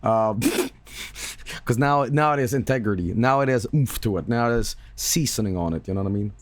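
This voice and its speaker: A man's voice: mid-range voice, expressive, normal speed. A man streaming live and chatting casually with viewers, joking, swearing and sarcastic, with music playing behind him.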